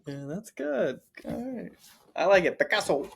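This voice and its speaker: A man co-hosting a book podcast, in casual chat, self-mocking and quick to laugh, with plenty of ums. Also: high voice, big pitch swings, creaky, slight background noise. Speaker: podcast co-host.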